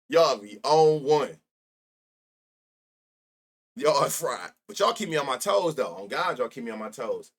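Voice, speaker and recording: A man's voice: mid-range voice, big pitch swings, slow, long pauses, breathy edge. A young man streaming live about sports bets, rambling and profane, laughing often and talking straight to his chat.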